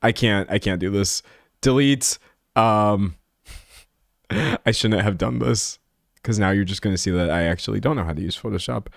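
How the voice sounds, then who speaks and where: A man's voice: fairly low pitch, normal speed, vocal fry, long pauses, no room sound, clean studio sound. A young man chatting casually on a live stream, talking to his chat in a self-deprecating way and laughing often. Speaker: livestreamer.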